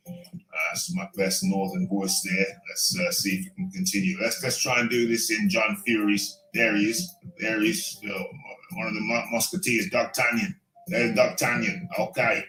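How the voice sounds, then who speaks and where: A man's voice: on the low side, fairly even intonation, measured pace, bright, forceful tone. A British man hosting a solo boxing talk stream, rambling, repeating himself and talking to himself. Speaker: boxing talk show host. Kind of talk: solo live-stream chat. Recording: roomy echo, faint music.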